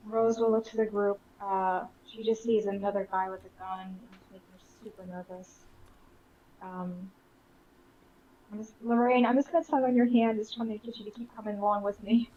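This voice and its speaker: A woman's voice: medium pitch, flat delivery, moderate pace, pauses often, darkish tone. Hesitant woman on a muffled call. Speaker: player. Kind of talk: casual tabletop chat over voice call. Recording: muffled voice-call audio with faint hiss.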